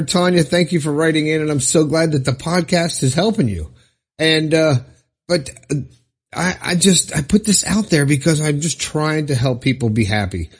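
A man hosting his own podcast, cheerful and encouraging as he gives shout-outs and reads listener letters. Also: on the high side, normal speed, slightly rough. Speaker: podcast host. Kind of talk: upbeat solo podcast talk.

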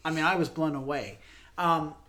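A young adult man co-hosting a podcast in casual chat, chatty and fond of puns, getting animated when he gushes. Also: a little high, moderate pace. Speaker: podcast co-host.

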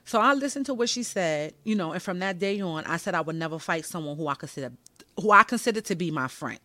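Brief: woman host, candid and slangy, bright, forceful voice, dry close sound. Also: fairly low pitch, quick pace, dry recording. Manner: candid and animated, slangy, swears freely. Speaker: podcast host. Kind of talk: personal storytelling monologue.

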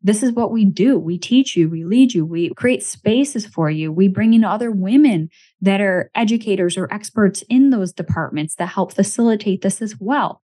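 A woman's voice: mid-range voice, normal speed, dark tone. A woman hosting a podcast in casual chat, talking in an emphatic, motivational way and often checking in with "right?". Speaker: podcast host.

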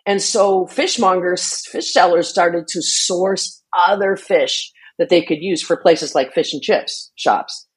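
Woman, interview guest, very breathy husky voice, earnest explaining, lots of restarts. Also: fairly low pitch, takes it slowly, few pauses. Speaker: interview guest, shark conservation advocate. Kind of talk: conversational interview answer.

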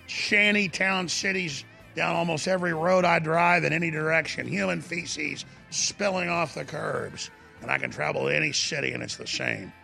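A man's voice: a little high, vocal fry, sharp tone. A man hosting a talk radio show, ranting fervently and often repeating himself, taking callers.

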